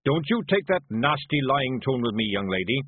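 A man's voice: mid-range voice, sing-song, moderate pace, slightly rough, dry recording. A man voicing a pompous, short-tempered male dwarf shopkeeper who talks loftily and blusters, on a tinny recording. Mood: indignant. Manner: lofty, blustering, indignant. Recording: tinny phone-like audio.

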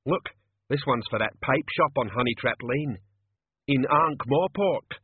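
A man's voice: mid-range voice, animated, a little slow, breathy edge, no echo, pitched above the performer's own voice. A man voicing a practical, matter-of-fact thief, on a tinny, phone-like recording. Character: practical, gruff male thief. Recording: tinny phone-like dry audio.

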